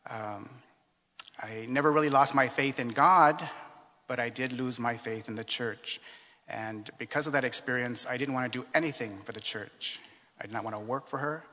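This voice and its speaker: A man from California telling his life story in a reflective, earnest way, with many fillers and pauses. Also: medium pitch, sharp tone, in a large hall. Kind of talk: personal storytelling.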